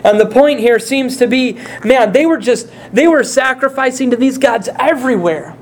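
A man's voice: extremely high pitch, expressive, moderate pace, a little hiss or hum. A male pastor preaching a sermon, speaking earnestly and putting direct questions to his congregation.

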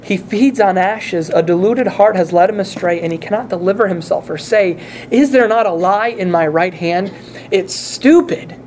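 A man's voice: sits high, normal speed, darkish tone, a little hiss or hum. A male pastor preaching a sermon, speaking earnestly and putting direct questions to his congregation.

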